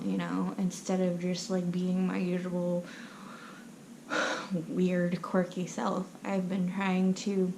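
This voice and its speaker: A woman's voice: fairly low pitch, darkish tone, a little hiss or hum, poor audio. A young woman hosting her own channel, chatting casually and often half-whispering at home, rambling with lots of fillers and restarts. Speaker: channel host. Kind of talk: casual personal chat to camera. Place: at home, someone asleep next door.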